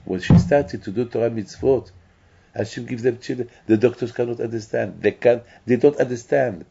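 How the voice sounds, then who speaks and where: A man's voice: mid-range voice, moderate pace, creaky, mellow, slight background noise. A man delivering an emphatic sermon as a rabbi. He repeats himself and often restarts. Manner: emphatic, repetitive preaching with restarts. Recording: dull lo-fi recording.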